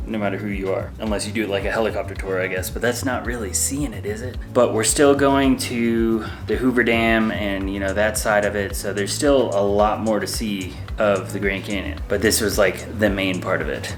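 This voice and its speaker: A man's voice: lowish voice, steady tone, moderate pace, hardly any pauses, faint music behind. A man chatting casually in a travel vlog, rambling and laughing often. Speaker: travel vlogger.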